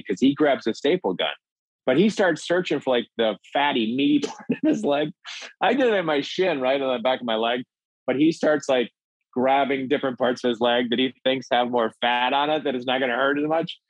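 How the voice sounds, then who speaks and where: A middle-aged man from Minnesota, a comedic actor and filmmaker, telling an animated anecdote and acting out the voices. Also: mid-range voice, brisk, dry recording, low-quality recording. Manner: acts out voices in his anecdotes, excitable. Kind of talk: animated storytelling. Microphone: video call.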